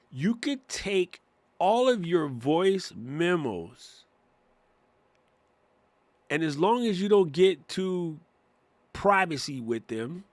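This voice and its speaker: Lively, laughing male streamer, dry sound. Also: on the high side, no room sound. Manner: animated, laughing, swears freely. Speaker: host. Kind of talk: casual live-stream Q&A. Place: home studio. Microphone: studio microphone.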